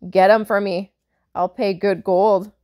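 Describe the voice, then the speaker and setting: A woman voicing a very old, toothless male giant, speaking slowly and loudly with a gruff, drawn-out manner. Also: expressive, natural voice. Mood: roaring. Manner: slow, booming, drawn-out delivery.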